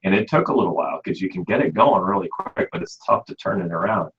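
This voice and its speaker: Speaking fast with a deep voice and lively intonation, a man with a Midwestern American accent runs a pet radio show as a pet store expert. He chats folksily, leaning on "you know," over dull lo-fi radio audio with slight background noise.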